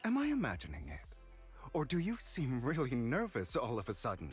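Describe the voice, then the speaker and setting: A man's voice: mid-range voice, huge pitch swings, a little fast, breathy edge, faint music behind, full character voice. An actor playing a refined, courteous male collector in a video game, speaking in a silky, polite manner. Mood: suave. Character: suave refined male collector, smooth flatterer. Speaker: game character.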